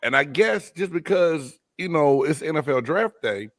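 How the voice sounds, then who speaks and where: A man's voice: a little high, expressive, moderate pace, no room sound. Hyped man hosting a sports show. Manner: loud, hyped, joking banter. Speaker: host. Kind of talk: casual live sports chat.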